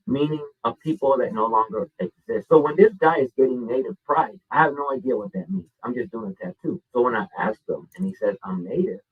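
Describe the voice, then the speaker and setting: Animated man on a muffled, distant line. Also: medium pitch, husky. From Mexico. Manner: animated, sarcastic, acts out quoted dialogue. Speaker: commentator in a reaction clip. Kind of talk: storytelling monologue. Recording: muffled phone-like sound from a distance.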